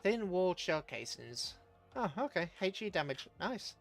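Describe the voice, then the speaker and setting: A man streaming a strategy game, talking in a fairly high, very lively voice. He chuckles and answers his chat in a loose, casual way. Faint music plays beneath him. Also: normal speed, vocal fry. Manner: chatty, chuckling, talks to chat. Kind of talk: live gameplay commentary.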